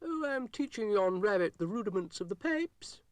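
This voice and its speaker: A man's voice: high voice, very animated, normal speed, no echo, voice pushed up. A man doing Dougal, a grumpy Scottish-voiced dog. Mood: grumbling. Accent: put-on Scottish. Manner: dry, grumbling. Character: grumpy sardonic male dog.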